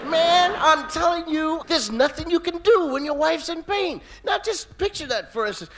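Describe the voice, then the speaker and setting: Animated high-voiced male comedian telling a story. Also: moderate pace. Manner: animated, acts out voices with loud yells. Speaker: stand-up comedian.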